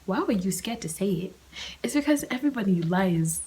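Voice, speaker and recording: A woman's voice: mid-range voice, animated, fairly quick, dark tone, low-quality recording. A young woman telling a story on her solo podcast, chatty and slangy, often dropping into a whisper. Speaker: podcast host.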